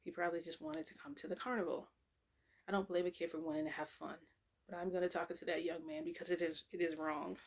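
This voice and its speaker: A woman's voice: on the low side, little pitch movement, fast. A woman retelling what a kindly male teacher says, quoting him plainly in her own voice. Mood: calm.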